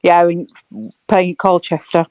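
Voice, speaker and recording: A woman's voice: on the low side, level tone, a little slow, darkish tone, no echo. Giggly woman, chatty. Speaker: podcast co-host. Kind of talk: casual fan chat.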